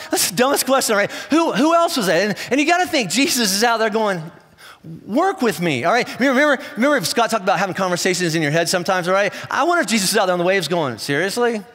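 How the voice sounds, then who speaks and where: A man's voice: sits high, fairly bright tone. A man preaching a sermon, telling a story with playful asides and acting out voices. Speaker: pastor. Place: large church hall. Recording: church hall with long reverb.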